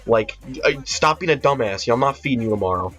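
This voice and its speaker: A man's voice: medium pitch, lively intonation, a little fast, fairly bright tone, faint music behind, close to an everyday voice. A teenage boy voicing an exasperated mother who is scolding her son. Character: fed-up scolding mother of a big family.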